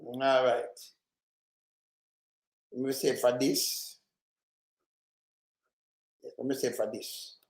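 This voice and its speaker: A man's voice: mid-range voice, flat delivery, extremely slow, pauses often, roomy sound. A man with a Jamaican accent hosting a live stream, ranting and cursing as he comments on clips. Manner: profane, ranting, shouts often. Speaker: livestream host.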